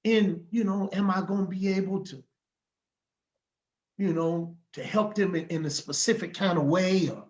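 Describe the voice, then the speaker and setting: A man's voice: sits high, normal speed, a little mellow. A man pouring out a heartfelt personal testimony as a podcast guest, fired up and emphatic. He keeps punctuating his sentences with "man". The recording sounds muffled and lo-fi.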